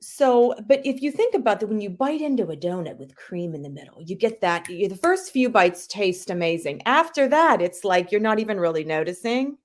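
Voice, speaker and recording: An animated woman guest on a podcast, talking through her own story. Her voice sits at a middle pitch and leaps up suddenly for emphasis, then drops low and soft. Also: moderate pace, hardly any pauses. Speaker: guest, health coach and author.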